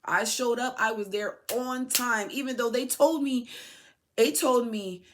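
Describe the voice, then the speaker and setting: Against a noisy background, a woman with a slightly high voice talks a little slowly. She's a podcast host addressing her son as his mother, and her personal monologue is emotional, aggrieved and pleading, with repetition used for emphasis.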